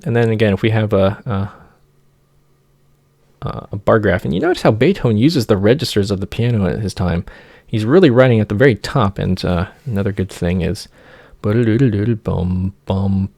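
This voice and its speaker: A man giving an informal music theory lecture, singing motifs in nonsense syllables and pausing often with fillers. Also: on the low side, lively intonation, vocal fry, darkish tone, no echo.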